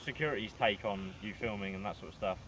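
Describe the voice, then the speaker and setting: A man working as a police officer, asking questions outdoors in a measured, polite, procedural way. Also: fairly low pitch, crowd noise, poor audio. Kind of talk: calm questioning. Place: outdoors on a street.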